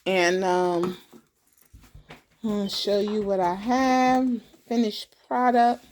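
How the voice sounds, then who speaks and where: A woman hosting a casual home cooking vlog, talking in a relaxed way with lots of ums. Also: medium pitch, takes it slowly, slight background noise. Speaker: cooking vlogger.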